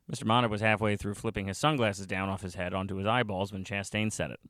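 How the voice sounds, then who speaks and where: A man's voice: deep voice, fairly even intonation, fast talker, few pauses, fairly bright tone, no room sound, studio quality. A man narrating a comic story in the first person, with wry, self-mocking asides.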